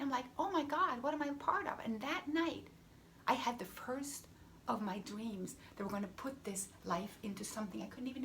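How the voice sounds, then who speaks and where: A woman speaks in a slightly raised voice as a health coach telling her own story to the camera. She is emphatic, circles back on her phrases, and sometimes drops to a near whisper. A little background noise sits under her voice. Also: high voice. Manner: emphatic, repeating phrases, dropping to a hush for effect.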